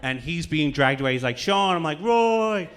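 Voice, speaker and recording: A man's voice: mid-range voice, fairly even intonation, fast, sharp tone, some chatter behind. Profane, rambling male storyteller on stage. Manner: rambling, profane, laughing comic anecdote. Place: on stage at a cultural center.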